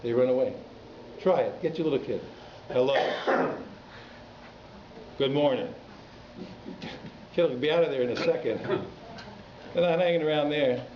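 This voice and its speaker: Male rabbi, informal Torah lecture, teasing asides, higher pitch, echoey synagogue hall. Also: fast, background noise. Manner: animated, conversational, with teasing asides to the audience. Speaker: rabbi teaching a class. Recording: echoey hall, slightly muffled.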